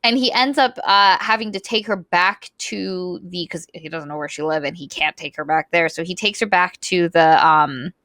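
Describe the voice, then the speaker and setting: A woman's voice: lowish voice, normal speed, hardly any pauses, dry recording. Chatty woman podcaster, dry sound. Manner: animated retelling with many "like" fillers. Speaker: podcast co-host. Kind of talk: casual book discussion.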